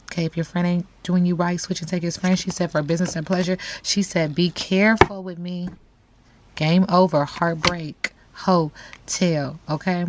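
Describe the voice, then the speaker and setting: A woman's voice: fairly low pitch, little pitch movement, normal speed, noisy background. A woman giving a casual, slangy tarot reading straight to her viewers, full of asides and catchphrases. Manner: chatty, slangy, frequent asides. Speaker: tarot reader.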